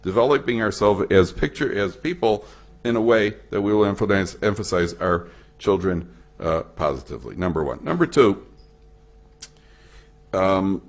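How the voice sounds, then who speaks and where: Deep-voiced rabbi telling lively stories. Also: male voice, moderate pace. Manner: storytelling, acts out quoted voices with big pitch swings; conversational, uses Yiddish and Hebrew terms. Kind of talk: lecture to an audience. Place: hall at a memorial event.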